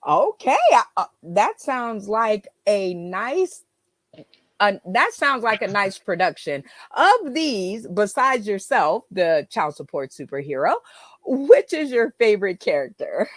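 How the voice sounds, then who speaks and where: A woman hosting a casual interview show, upbeat and quick to laugh, with some hesitant fillers, over a video call. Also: medium pitch, very animated, no room sound. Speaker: talk show host.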